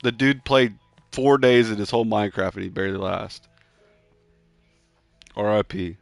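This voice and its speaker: A young man streams a game and chats casually with friends, his lowish voice moving at a normal speed with some vocal fry. He rants with heavy swearing and plenty of "bro" and "dude," jumping to loud, excited yelps when things get tense. The recording is dry, with soft music in the background.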